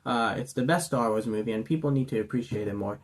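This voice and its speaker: A man's voice: medium pitch, fast. A man hosting a casual vlog monologue, gushing and filling his talk with ums and you-knows. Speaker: channel host.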